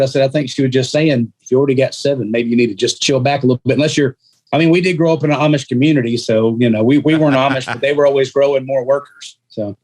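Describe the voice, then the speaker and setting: A man's voice: mid-range voice, fast. A man who is a podcast guest, telling a story casually and acting out the voices of the people in it. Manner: animated, acts out quoted voices.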